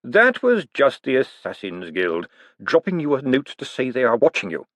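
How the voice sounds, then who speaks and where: An icy, measured aristocrat who drops each word with calm menace, as a male narrator puts him on. The voice moves with a lively rise and fall. It sounds close and dry. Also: mid-range voice, no room sound, dull audio, pitched above the performer's own voice. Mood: cool menace. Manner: slow, measured, precise and icy.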